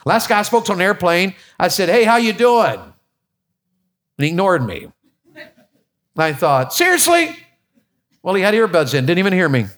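Guy preaching in church, kinda high pitched, jokey and folksy, stumbles and repeats words. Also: lively intonation, moderate pace, long pauses, a bit bright. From Tennessee, USA. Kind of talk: sermon.

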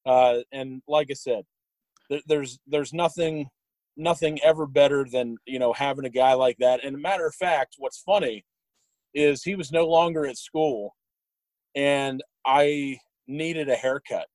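Recalling an old friend, a young man tells casual, rambling stories and chuckles along the way as a guest sharing memories. His voice is medium-pitched with a darkish tone, his pace unhurried, and the audio dry and poor.

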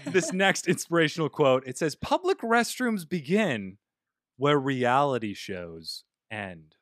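Young male comedy podcast host, lively swinging delivery, dry close sound. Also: a little high, a little slow, dry recording. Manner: jokey, playful, reads quotes with mock drama. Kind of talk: casual comedic chat.

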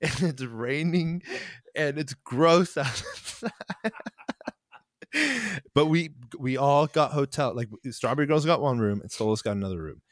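A young man hosting a podcast, telling band stories in a rambling, halting way. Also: medium pitch, dry recording, clean studio sound. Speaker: podcast host, band member. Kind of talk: casual chat, storytelling.

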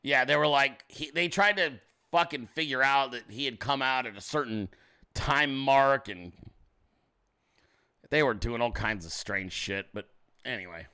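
A man's voice: medium pitch, measured pace, pushed and bright, clear, resonant tone. A man hosting his own show, in brash, crude, rambling casual commentary, talking straight to his chat viewers. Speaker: show host.

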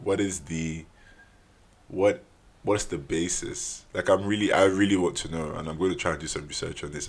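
A man's voice: sits low, creaky, husky. A young man hosting his own podcast, talking alone in an earnest, casual way, often saying "man" and restarting his sentences. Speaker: podcast host. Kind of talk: solo podcast monologue.

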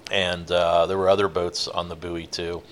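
A man telling a long fishing-boat story in a relaxed, rambling interview, with many fillers. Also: low voice, moderate pace, slight background noise. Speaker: guest, offshore fishing boat captain.

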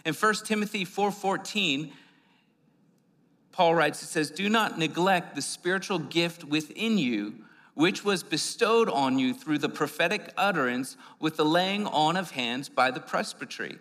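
Male preacher, sermon, bright slightly high voice, conversational with restarts, long church reverb. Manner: conversational preaching with repeated words and fillers. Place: church sanctuary.

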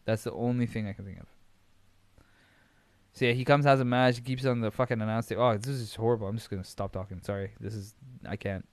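A man's voice: fairly low pitch, steady tone, quick pace, no room sound. A man hosting a casual recap podcast, ranting in exasperation with lots of swearing, rambling with sighs and restarts. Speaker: podcast host.

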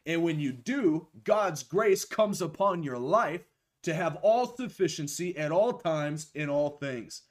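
A young man with a fairly high voice preaches a sermon over a live stream. His voice is a little hoarse after a week of preaching. He talks with conviction, slowing down to lean on the key phrases. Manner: emphatic, slows and stresses key phrases, greets viewers by name. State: losing his voice.

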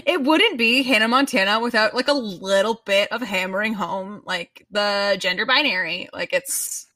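A woman with a bright, fairly high voice chats as a podcast co-host. She sits a little back from the mic in a dry, dead-sounding space, and she talks playfully. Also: moderate pace, dry recording, recorded from a distance. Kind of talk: casual chat.

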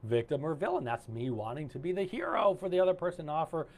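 A man's voice: on the high side, quick pace. A man coaching and hosting a live online session over a video call, talking casually with lots of fillers and restarts. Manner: animated, warm-hearted, rambling with many fillers. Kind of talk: casual live-stream talk.

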